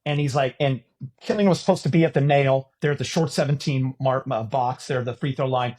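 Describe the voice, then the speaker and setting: A middle-aged man from California on a podcast, telling a story in casual chat and getting loud at the punchlines. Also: mid-range voice, a little fast. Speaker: podcast co-host.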